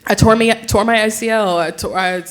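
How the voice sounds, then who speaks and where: A young woman and yoga teacher telling a candid personal story to an audience, animated and casual, with frequent swearing and "like". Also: mid-range voice, a little fast.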